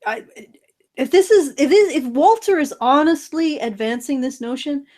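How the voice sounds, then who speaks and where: Woman, podcast co-host; high voice, blunt, sarcastic, swears freely. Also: expressive, moderate pace, a little mellow. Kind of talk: casual chat.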